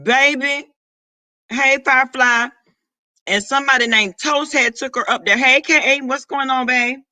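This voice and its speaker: A man, chatting casually on a live stream, sassy and profane, throwing quick asides to his viewers. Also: very high voice, fairly even intonation, pushed and bright, no echo. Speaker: vlogger greeting live chat.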